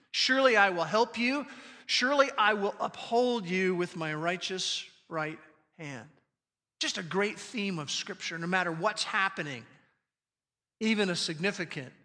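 A man preaching a sermon as pastor, speaking emphatically with slow, deliberate stresses on quoted scripture. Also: sits high, pushed and bright. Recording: long reverb of a large hall.

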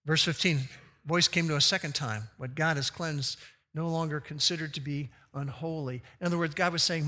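A man preaching a sermon, lively and animated, acting out quoted voices with sudden jumps in pitch. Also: moderate pace. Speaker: pastor. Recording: long reverb of a large hall.

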